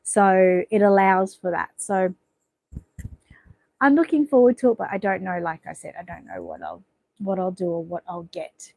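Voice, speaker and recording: A woman's voice: fairly low pitch, big pitch swings, normal speed, a little mellow, dry recording, rough recording. A middle-aged Australian woman chatting casually on a livestream, rambling and playfully bossy with her viewers. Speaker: livestream host. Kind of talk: casual live-stream chat reading comments.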